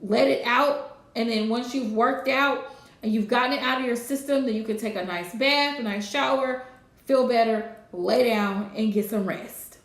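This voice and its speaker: A woman hosting a live tarot reading, calmly repeating gentle advice to her viewers. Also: a little high, normal speed, reverberant. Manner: soothing, repetitive advice with Southern-style phrasing. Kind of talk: casual live-stream reading.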